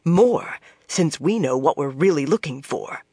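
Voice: mid-range voice, lively intonation, unhurried, mellow, slightly rough, no room sound, clean studio sound. A narrator voicing an impatient, commanding young woman who speaks indignantly.

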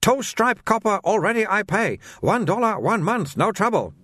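A wheedling little bald shopkeeper, put on by a male narrator, pushing his wares in clipped, broken phrases. The voice sits high and loud, with a sing-song haggling lilt. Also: sing-song, moderate pace, no echo, heavily acted.

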